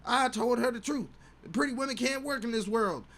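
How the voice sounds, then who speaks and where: A man's voice: very high voice, normal speed, a bit bright, voice pushed up, full character voice. Man putting on a whiny bitter divorced dad. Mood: aggrieved whining. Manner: aggrieved self-pitying rant.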